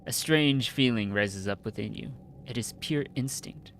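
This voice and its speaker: A man's voice: mid-range voice, measured pace, a bit bright, a little hiss or hum. A man streaming a story-driven game, reading its narration aloud and chatting casually between lines. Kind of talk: game playthrough, reading and commentary.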